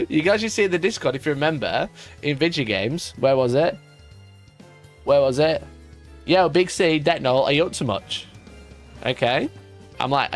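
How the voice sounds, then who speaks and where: A man hosting a casual live stream, rambling through a story and swearing freely. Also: fairly high pitch. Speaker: streamer host. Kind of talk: casual livestream chat.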